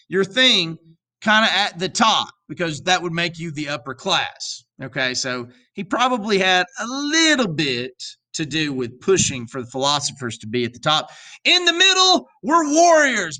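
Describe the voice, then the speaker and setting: A male teacher giving a recorded video lecture, animated and jokey, with asides to his students and a stretch in an odd put-on accent. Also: sits high. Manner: drops into an odd accent for a while.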